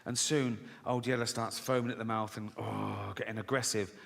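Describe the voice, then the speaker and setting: A man's voice: lowish voice, fairly even intonation, normal speed, vocal fry. A man performing live stand-up comedy, swearing freely and often laughing at his own jokes. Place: large live venue with audience. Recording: loud audience in echoing venue.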